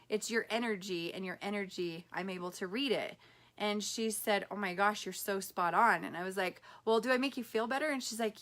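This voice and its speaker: Upbeat woman in her thirties hosting a casual live stream, chatty and warmly animated as she retells conversations. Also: medium pitch. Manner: upbeat, chatty, lots of fillers and quoted dialogue.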